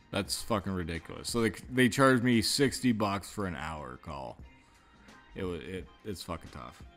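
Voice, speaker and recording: A man hosts a casual livestream chat, rambling along, swearing heavily and laughing often. His voice sits in the mid-range with a sharp tone.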